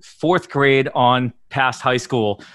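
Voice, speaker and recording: A man's voice: medium pitch, slow, a bit bright, dry recording, studio quality. A man with a Boston accent rambling through stories in a casual podcast chat, swearing freely and laughing often. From Boston area, USA. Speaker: drummer telling tour stories.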